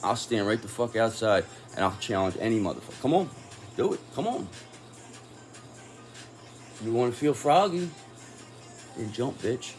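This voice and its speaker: A man's voice: lowish voice, lively intonation, fairly quick, soft background music. A man giving a casual tarot reading, talking in an angry, profane and confrontational way. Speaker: tarot reader.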